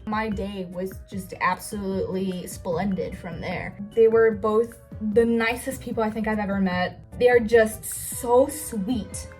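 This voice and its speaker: A young woman telling a story in a casual get-ready-with-me vlog, gushing and excitable, with lots of "like"s. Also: mid-range voice, a little slow, soft background music. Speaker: cosplay vlogger.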